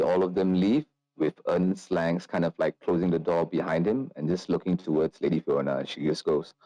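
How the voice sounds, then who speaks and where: A man's voice: sits low, dark tone, no echo, rough recording. A man narrating as game master in a tabletop game, rambling with many fillers and restarts.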